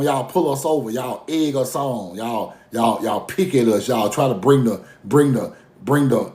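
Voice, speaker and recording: Animated man talking in an echoey room. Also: fairly high pitch. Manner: animated, preachy, swings between soft asides and raised bursts; laughs often while talking. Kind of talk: casual monologue.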